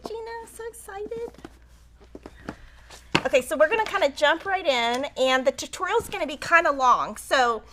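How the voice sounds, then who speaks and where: A middle-aged woman with a high, bright voice hosts a casual quilting livestream. She chats in an excitable, rambling way, full of little fillers, as she moves into a tutorial. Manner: chatty and excitable, with many "um" and "like" fillers. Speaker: host of a quilt shop livestream. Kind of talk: casual live-stream chat and quilting tutorial.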